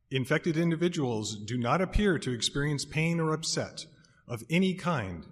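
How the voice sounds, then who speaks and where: A man's voice: medium pitch, breathy edge. A man delivering a mock news bulletin in a formal announcer manner. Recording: reverberant church hall.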